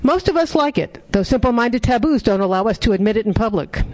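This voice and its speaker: A man voicing a smart male dog who lectures his pack in a calm, explanatory way. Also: very high voice, quick pace, voice pushed up. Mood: instructive.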